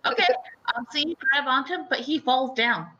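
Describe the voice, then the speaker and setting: A woman's voice: sits high, brisk, bright, forceful tone, dull audio. A woman running a tabletop game as game master, chatty and giggly, with lots of fillers.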